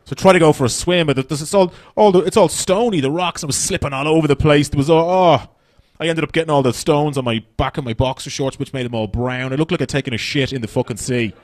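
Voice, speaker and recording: A man's voice: on the high side, quick pace, hardly any pauses, no room sound. An Irish man in his thirties doing a stand-up comedy set on a club stage, chatty and swearing as he tells stories. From Ireland. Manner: chatty, swearing, animated storytelling.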